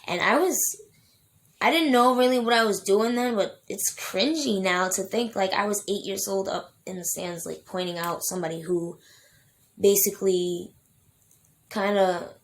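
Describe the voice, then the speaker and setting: A woman's voice: mid-range voice, normal speed. A young adult woman telling her own life story in a vlog, emotional and rambling, with many fillers and restarts. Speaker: vlogger.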